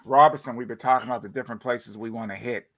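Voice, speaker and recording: A man with a mid-pitched voice co-hosts a casual livestream. He is laid-back and joking, talking straight to his viewers like friends. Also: fairly even intonation, quick pace, a crowd in the background. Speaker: livestream co-host.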